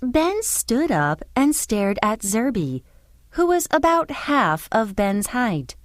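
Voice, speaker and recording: Slow, expressive woman reading a kids' story. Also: fairly high pitch, no echo, studio quality. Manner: clear, expressive, unhurried. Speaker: narrator.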